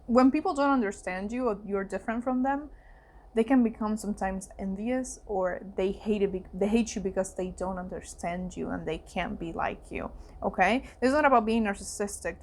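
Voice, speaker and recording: A young adult woman giving a casual tarot reading, emotional and chatty, often dropping to hushed asides. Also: mid-range voice, moderate pace. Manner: emotional, fillers and exclamations, voice softening to hushed asides. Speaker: psychic tarot reader. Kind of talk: casual spoken card reading.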